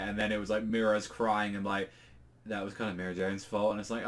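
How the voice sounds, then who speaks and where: A man's voice: lowish voice, steady tone, quick pace. A young British man casually reviewing a manga chapter, rambling with many fillers and swearing, and jumping into exaggerated quoted voices. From Britain. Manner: rambling, lots of fillers and swearing, acts out quotes in jumpy bursts. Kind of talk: casual solo review chat.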